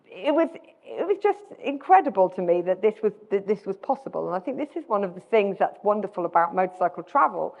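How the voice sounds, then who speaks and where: A middle-aged British woman with a British accent, giving a self-deprecating live talk as a guest speaker, often restarting her sentences. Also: mid-range voice. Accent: British English. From Britain. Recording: dull sound with long hall reverb.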